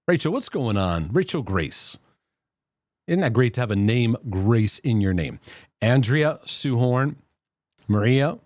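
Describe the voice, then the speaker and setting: A man's voice: mid-range voice, no room sound, studio quality. A man hosting a Christian mental health livestream, chatting casually and greeting viewers by name. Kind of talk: casual live-stream talk.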